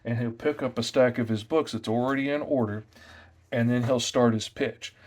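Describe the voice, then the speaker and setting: Man, loud and energetic, chatty tips talk, mid-pitched voice. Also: moderate pace. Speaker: comic artist sharing con sales tips. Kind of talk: casual tips talk to camera.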